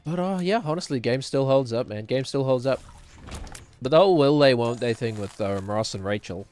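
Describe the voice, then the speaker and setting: A man streaming a game talks briskly and animatedly in a medium-pitched, darkish, clean voice, with faint music behind him. His casual commentary rambles, and he chuckles at his own self-mocking jokes.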